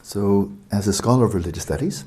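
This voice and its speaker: Guy giving a meditation retreat talk, lowish warm voice, chatty, repeats himself to hammer points. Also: brisk. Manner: expansive, explanatory, repeats words for emphasis; conversational asides to listeners. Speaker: meditation teacher.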